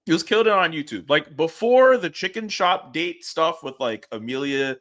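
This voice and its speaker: A man talking as a guest on a casual sports podcast, chatty and animated as he tells stories. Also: fairly high pitch, normal speed.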